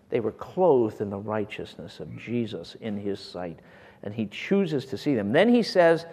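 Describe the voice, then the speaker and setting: A man preaching a sermon with great passion, swinging from loud bursts down to near whispers. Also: fairly low pitch, sing-song, a little slow, breathy edge, long reverb tail.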